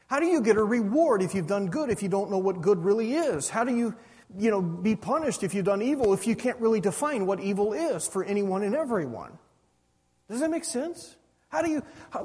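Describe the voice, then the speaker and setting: A man's voice: very high voice, a little mellow, slightly rough. A middle-aged man preaching a sermon, pressing his points with rhetorical questions and asking "you understand that?". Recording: reverberant hall.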